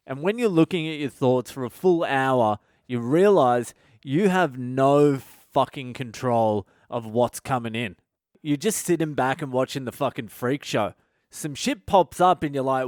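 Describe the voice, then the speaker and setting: A man's voice: medium pitch, normal speed, darkish tone, no echo, clean studio sound. A male comedian hosting his own podcast, talking in a casual comedic monologue full of swearing and self-mocking asides.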